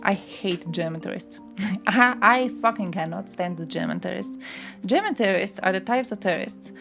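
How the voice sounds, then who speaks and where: A woman's voice: mid-range voice, moderate pace, gravelly, over music. A young woman chatting casually on a livestream, ranting bluntly and swearing often.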